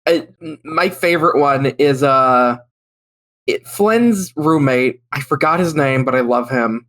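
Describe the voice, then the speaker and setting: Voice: medium pitch, a little slow, fairly bright tone. A podcast guest narrator telling a story in casual chat, laughing and swearing freely.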